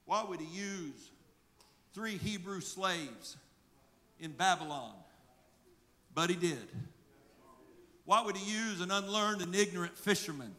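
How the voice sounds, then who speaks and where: A man with a Southern accent preaching a rhythmic sermon as pastor, swinging between hushed passages and shouted refrains. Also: sits high, lively intonation, slow, long pauses. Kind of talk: fiery sermon. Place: church sanctuary. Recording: long hall reverb, faint crowd and noise.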